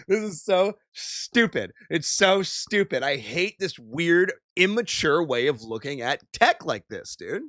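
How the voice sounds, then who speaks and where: A man's voice: high voice, sing-song, moderate pace, hardly any pauses, fairly bright tone, dry recording, clean studio sound. A young man streaming, ranting and swearing in exasperated commentary.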